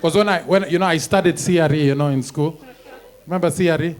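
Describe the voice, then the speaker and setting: A young Kenyan man performing a stand-up comedy set, animated, acting out people and mixing in Swahili phrases. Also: a little high, quick pace.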